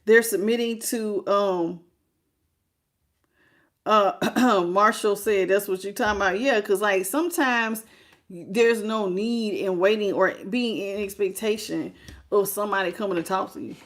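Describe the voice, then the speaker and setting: A woman's voice: mid-range voice, measured pace. A woman hosting a live tarot reading. She talks frankly and folksily, greets viewers by name and calls them baby. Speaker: tarot reader.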